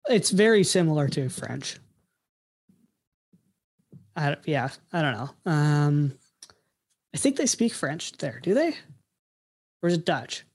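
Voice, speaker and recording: A man's voice: on the high side, big pitch swings, takes it slowly, pauses often. A man hosting a casual soccer podcast, talking with many ums and uhs as he moves between segments. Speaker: podcast host.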